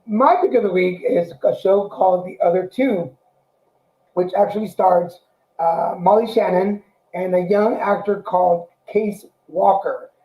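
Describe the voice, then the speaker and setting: A man with a high-pitched but mellow voice speaks in a relaxed, slightly hesitant way as a co-host. The recording sounds roomy and echoey. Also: unhurried. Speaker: podcast co-host. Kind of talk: casual chat, show recommendation.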